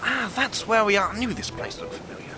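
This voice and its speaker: A man's voice: sits high, sing-song, fast, pushed and bright, full character voice. A man playing a badger-headed adventurer in a comedy audio drama, with a joking, breezy manner. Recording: noisy background.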